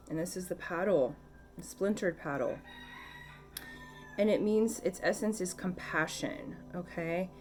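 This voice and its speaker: A woman giving a casual spiritual card reading, soft and gentle, tearful and emotional, with lots of fillers. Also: deep voice, a little hiss or hum. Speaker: tarot and oracle card reader.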